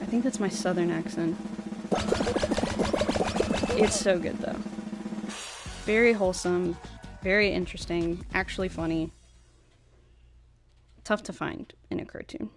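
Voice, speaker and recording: A woman's voice: lowish voice, fairly even intonation, a little slow, pauses often, faint music behind. A young woman streaming, chatting casually with her viewers, rambling and laughing often.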